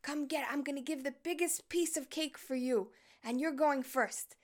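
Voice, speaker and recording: A woman voicing a loving old grandfather with a raspy, fond and generous manner. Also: high voice, normal speed, pitched above the performer's own voice, natural voice. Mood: doting.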